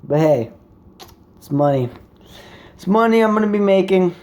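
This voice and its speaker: A man's voice: sits high, lively intonation, moderate pace, a little mellow. A young man in a casual vlog, rambling through a story to camera with lots of swearing and filler words. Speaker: vlogger.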